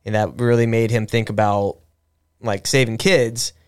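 A man's voice: fairly low pitch, fairly even intonation, a little slow, smooth. A man hosting a podcast, talking in a rambling, stop-start way with lots of restarts as he retells a story. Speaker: podcast host. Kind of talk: casual chat.

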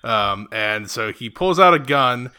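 A young man tells a movie plot to his co-hosts in a loose, animated way, often breaking into laughter. His voice is bright and forward, at an ordinary middle pitch. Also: measured pace, clear, resonant tone. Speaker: podcast co-host. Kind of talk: casual movie recap chat.

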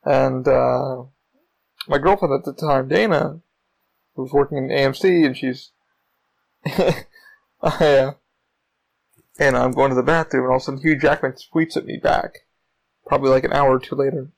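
A man hosting his own podcast, telling stories in a casual solo monologue, rambling and excitable and swearing often. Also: mid-range voice, normal speed, gravelly, long pauses, low-quality recording. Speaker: podcast host.

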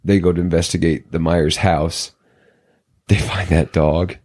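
A man chatting casually about a movie, retelling scenes in a mocking, animated way. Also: low-pitched, a little slow.

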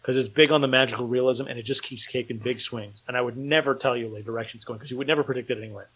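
A man's voice: mid-range voice, steady tone, rapid-fire, a bit bright, slight background noise, low-quality recording. A man hosting a casual talk show, rambling enthusiastically with many restarts. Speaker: podcast host and filmmaker. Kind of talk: casual chat.

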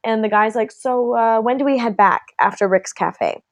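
A woman's voice: on the high side, moderate pace, no echo. Chatty young woman, dry sound. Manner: chatty storyteller who quotes people in voices. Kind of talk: casual chat.

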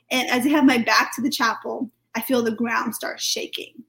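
Chatty British woman, higher voice. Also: normal speed, few pauses, poor audio. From United Kingdom. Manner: chatty, lively storytelling full of fillers. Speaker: podcast guest. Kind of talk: telling a personal testimony.

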